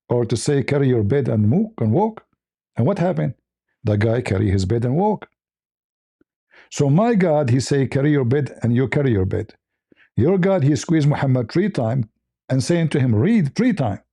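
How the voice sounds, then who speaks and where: A man hosting an online religious debate. He argues forcefully and mocks his opponent, laughing often and hammering his points with repeated rhetorical questions. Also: mid-range voice, husky. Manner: argumentative, mocking, with frequent laughs. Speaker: debate host.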